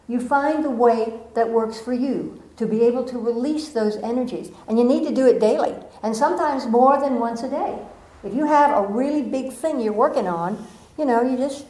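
A middle-aged woman giving a gentle, earnest spiritual talk with playful asides. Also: a little high, moderate pace, reverberant, low-quality recording. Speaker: spiritual speaker.

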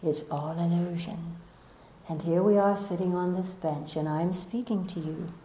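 A woman voicing a gentle being of light, a soul, speaking softly and tenderly in an echoey room. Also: lowish voice, fairly even intonation, measured pace, a little hiss or hum, natural voice.

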